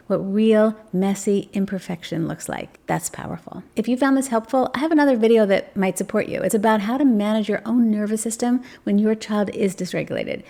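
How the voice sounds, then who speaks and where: A woman hosting a parenting channel, talking straight to the viewer in a gentle, reassuring way and acting out sample phrases. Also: mid-range voice, vocal fry. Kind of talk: direct-to-camera advice talk.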